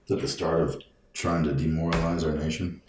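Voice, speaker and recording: A man's voice: very deep voice, level tone, brisk. A young man co-hosting a casual podcast, dry and sarcastic, swearing freely. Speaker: podcast co-host. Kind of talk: casual chat. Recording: roomy echo with faint noise.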